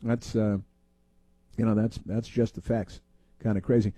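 A man with a mellow, dark voice hosts a mailbag segment in a loose, meandering monologue. He halts often, stacking fillers and restarts. The sound is dry and close. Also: lowish voice, little pitch movement, husky, dry recording. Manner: halting, many fillers and restarts. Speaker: podcast host answering listener mail. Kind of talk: casual rambling monologue.

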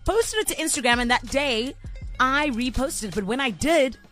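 Animated, higher-voiced woman radio host. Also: normal speed, faint music behind. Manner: animated, teasing storyteller. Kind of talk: playful radio banter.

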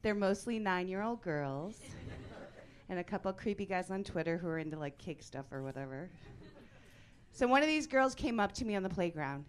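A woman in her forties performing a stand-up comedy set, telling stories in a deadpan way that breaks into loud outbursts. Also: on the low side, normal speed.

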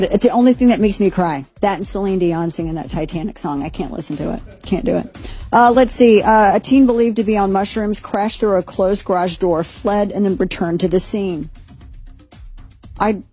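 A woman's voice: lowish voice, warm tone, husky. Chatty woman hosting a talk show. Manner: chatty, rambling, with fillers. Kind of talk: casual news rundown.

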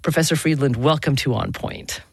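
Ausdrucksvolle Moderatorin, trockener Studioklang. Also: female voice, very deep voice, lively intonation, normal speed, vocal fry, slightly rough, no room sound. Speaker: radio show host. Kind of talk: public radio talk show hosting.

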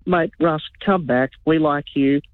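A man's voice: fairly high pitch, a little slow, no room sound. A male caller to a radio show, chatting in a rambling, friendly way over a phone line. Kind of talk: casual phone chat.

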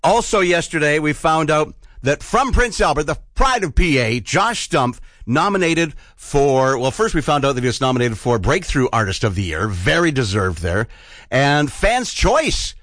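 A man's voice: fairly high pitch, very animated, moderate pace, a bit bright, no room sound. A man hosting a morning radio show, talking in a loose, upbeat, rambling way. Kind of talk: casual radio chat.

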